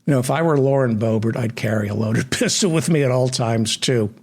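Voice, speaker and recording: A man hosting a satirical comedy news show, delivering sardonic, deadpan asides. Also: mid-range voice, a little fast.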